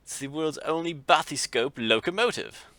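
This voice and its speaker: A man's voice: on the high side, animated, moderate pace, pushed and bright, pitched above the performer's own voice. A man voicing a stern male train guard in a game, with a patchy put-on French accent.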